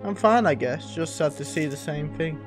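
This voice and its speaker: A man's voice: fairly high pitch, expressive, normal speed, music in the background. A man doing let's play commentary, sarcastic and sweary, talking back to the game. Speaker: gaming channel host.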